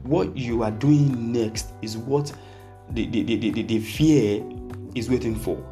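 A man's voice: medium pitch, measured pace, warm tone, faint music behind. A young man, talking earnestly and reflectively to his viewers, often restarting his sentences. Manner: earnest, repetitive restarts, pleading. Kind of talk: reflective personal talk to camera.

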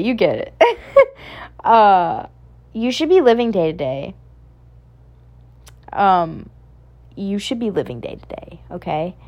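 A woman's voice: mid-range voice, darkish tone. Profane, emphatic young woman podcaster. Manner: profane, emphatic, motivational rant. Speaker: podcast host. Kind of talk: casual solo podcast monologue.

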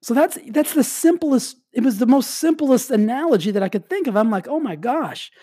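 An energetic man delivers a motivational talk in a casual, rambling way, with "like" dropped through his sentences. His voice is dark and mellow, recorded dry and close, with a slight cough in the background of his health. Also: very high voice, fairly quick, breathy edge, no room sound. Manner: energetic, casual, heavy use of "like". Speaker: motivational speaker. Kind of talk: motivational monologue.

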